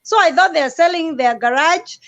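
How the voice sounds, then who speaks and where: This is a woman hosting a relaxed conversation. Her voice is high. She talks in a halting way, breaking off and starting her sentences again. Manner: hesitant, halting with restarts. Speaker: host. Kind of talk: casual interview chat.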